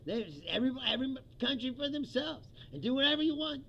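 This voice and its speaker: Gravelly, animated man ranting on a stream. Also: very high-pitched, fast, muffled recording. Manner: profane, mocking, laughs often, mimics quotes. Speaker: livestream host. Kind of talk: political rant on a livestream.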